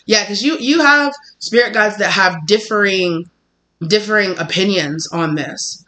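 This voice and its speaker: A tarot reader gives a casual spoken reading in a bright, forceful, mid-range voice, unhurried. She rambles chattily, acts out little scenes, and swears freely.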